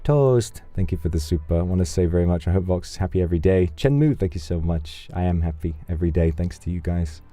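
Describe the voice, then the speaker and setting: A man's voice: sits low, fast talker, hardly any pauses, no echo, soft background music. A man streaming, casually reading out donations in a teasing, flirtatious, rambling way. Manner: relaxed, rambling, with fillers.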